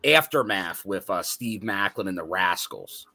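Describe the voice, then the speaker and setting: A man's voice: deep voice, lively intonation, a little slow, vocal fry, pushed and bright. A man co-hosting a wrestling review podcast, dropping dry one-liners in casual chat.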